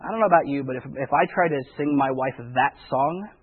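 A man's voice: medium pitch, fairly quick, breathy edge. A man preaching a conversational sermon, often repeating words as he thinks it through. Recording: tinny phone-like radio broadcast.

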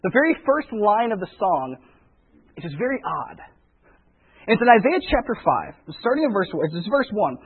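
A man preaches a conversational sermon in a high, sing-song voice with a breathy edge, moving at a moderate pace and often repeating words as he thinks things through. The audio sounds like a tinny, phone-like radio broadcast.

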